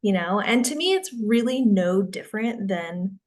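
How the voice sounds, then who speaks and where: Woman guest just chatting, rambly, says like a lot, middle-pitched voice. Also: lively intonation, normal speed, darkish tone. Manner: rambling, with many filler words. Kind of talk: casual chat.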